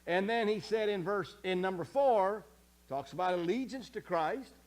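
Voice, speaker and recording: A man preaching a sermon as pastor, conversational, often checking in with the congregation, swinging from soft asides to loud emphatic scripture quotes. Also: sits high, moderate pace. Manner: animated, conversational preaching with frequent check-ins.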